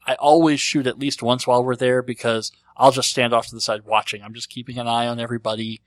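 A man's voice: medium pitch, little pitch movement, quick pace, no echo. A man hosting a casual podcast, answering listener questions in a rambling, conversational way as he thinks aloud. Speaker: podcast host.

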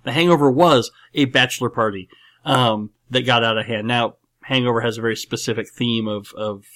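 A man's voice: medium pitch, steady tone, brisk, a bit bright. A man hosting a podcast, talking about a film in a rambling, emphatic way with many fillers and restarts. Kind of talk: casual movie discussion.

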